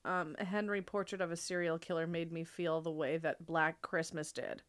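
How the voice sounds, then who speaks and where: A woman's voice: deep voice, level tone, normal speed. A young woman co-hosting a podcast in casual chat, giggly and rambling, often restarting her sentences. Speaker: podcast co-host.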